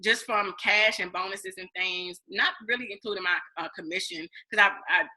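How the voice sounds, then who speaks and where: A woman in her thirties casually telling her story to viewers, lively and chatty, acting out her own past reactions. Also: medium pitch, normal speed, low-quality recording. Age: 30s. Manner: animated storytelling, acts out her past self, addresses viewers as y'all. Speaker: network marketing distributor. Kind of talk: casual testimonial vlog.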